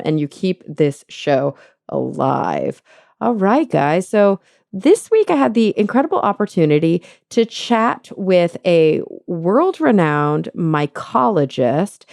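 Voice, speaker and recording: A woman's voice: lowish voice, a little mellow, no echo, clean studio sound. A woman from Texas hosting a casual podcast interview, upbeat and laughing often. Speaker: podcast host.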